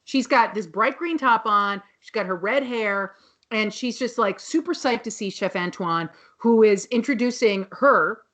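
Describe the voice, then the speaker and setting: A woman's voice: a little high, a bit bright. A woman co-hosting a podcast, casually and rambly recapping a TV episode with many restarts. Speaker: podcast co-host.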